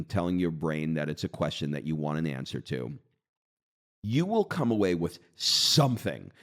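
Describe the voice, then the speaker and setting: A man co-hosting a podcast, explaining an exercise in a casual, coaching way and slowing down for deliberate readings. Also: low voice, very animated. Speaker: podcast co-host. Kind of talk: casual conversational teaching.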